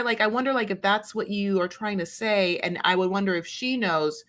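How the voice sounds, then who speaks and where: A woman co-host with a bright, forceful voice chats casually about a reality show. She rambles through many fillers and now and then slips into silly put-on voices. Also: mid-range voice, moderate pace. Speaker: podcast co-host. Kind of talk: casual recap chat.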